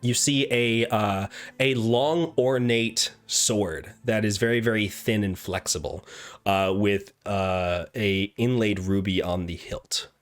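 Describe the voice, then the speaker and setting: A man narrating a tabletop game as dungeon master, with halting, filler-heavy narration. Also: fairly low pitch, faint music behind.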